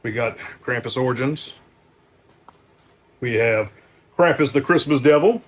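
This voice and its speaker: A man running casually through a stack of movies as a store owner, loose and profane, with many fillers and sudden louder bursts on each title. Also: medium pitch, unhurried.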